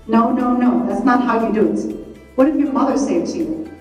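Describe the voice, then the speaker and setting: High-voiced woman giving an echoey motivational talk. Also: brisk. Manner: animated, acts out her inner voice scolding herself. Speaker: speaker. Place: hall with a live audience. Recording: echoey hall, mic from a distance, faint music.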